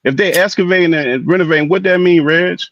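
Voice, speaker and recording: A man's voice: high-pitched, fast talker, no echo. A man calling in to a livestream, pressing his point and repeating himself as he argues. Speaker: guest caller. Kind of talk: heated casual debate. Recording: dull, dry call audio.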